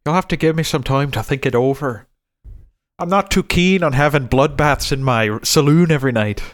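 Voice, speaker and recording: A man's voice: medium pitch, normal speed, lightly acted. A man voicing a wary middle-aged male saloon keeper with a folksy Western drawl in a tabletop game.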